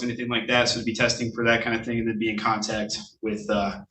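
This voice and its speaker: A man police officer speaks quickly and in a flat, level tone, his voice bright and hard. He sounds distant from the mic in an echoey room. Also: medium pitch, a little hiss or hum. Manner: quick, matter-of-fact. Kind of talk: formal testimony on video call.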